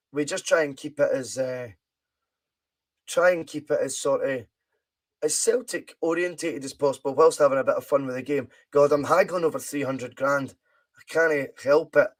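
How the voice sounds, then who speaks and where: A Scottish man hosts a relaxed live stream, his voice pitched slightly above the usual male range. He banters easily and reads out viewer comments as he plays a football management game. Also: unhurried. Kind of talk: casual live-stream chat.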